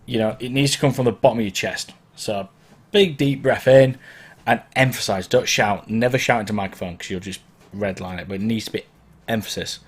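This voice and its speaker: A man, a DJ hosting a live online Q&A, talks briskly in a lowish, slightly rough voice. Though hay fever has made his throat sore, he keeps things casual and encouraging, chatting, meandering and self-correcting. The mic is below the camera.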